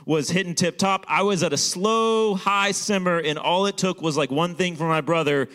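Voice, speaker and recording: A man's voice: high voice, normal speed, fairly bright tone. Casual young male pastor preaching. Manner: casual storytelling with frequent fillers. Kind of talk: sermon.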